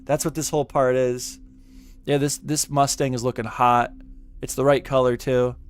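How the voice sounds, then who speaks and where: A man's voice: mid-range voice, flat delivery, normal speed. A man giving casual reaction commentary, reading out legal text with exasperation, stumbling and swearing. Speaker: commentary YouTuber. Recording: music playing behind the voice.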